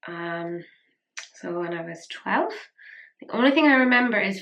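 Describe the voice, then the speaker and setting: A young woman reviewing makeup in a casual, rambling, self-mocking way, a little breathless and quick to gasp with excitement. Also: medium pitch. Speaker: beauty vlogger.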